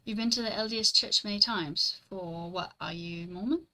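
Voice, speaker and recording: A young woman streamer chats loosely with her viewers, answering their messages as she goes. Her voice is bright and forward, sitting at a middle pitch. She rambles casually, drops the odd swear word and laughs easily. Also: moderate pace, poor audio. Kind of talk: casual live-stream chat, reading and answering chat.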